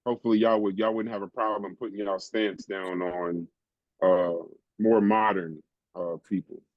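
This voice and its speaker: A man's voice: fairly low pitch, level tone, normal speed, dry recording. Guy hosting a podcast, slangy and laughing a lot, dry dull lo-fi mic. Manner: laughs often, loose slangy talk. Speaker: podcast host. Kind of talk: casual podcast chat.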